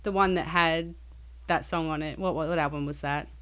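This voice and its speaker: A woman's voice: low-pitched, fairly even intonation, normal speed, a bit bright. A woman co-hosting a podcast, chatting casually, giggly and hesitant with many fillers. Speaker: podcast co-host. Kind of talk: casual chat.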